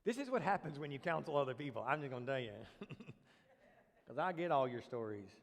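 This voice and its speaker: A man's voice: medium pitch, expressive, fast talker, gravelly, big-room sound. A man preaching a sermon as pastor, blunt and sarcastic, mocking excuses with quoted voices.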